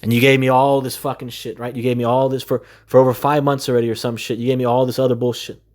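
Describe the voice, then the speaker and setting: A man's voice: mid-range voice, flat delivery, fast talker, darkish tone. A man delivering an aggrieved, exasperated rant to camera, swearing often and hammering the same rhetorical questions. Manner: profane, repetitive rhetorical questions. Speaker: gaming video creator. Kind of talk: ranting monologue to camera.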